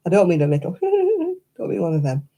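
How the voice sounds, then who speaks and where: With a dark, low-side voice marked by vocal fry and huge pitch swings, an older woman hosts a crafting livestream at a normal speed. She tells stories in casual chat and often laughs as she talks.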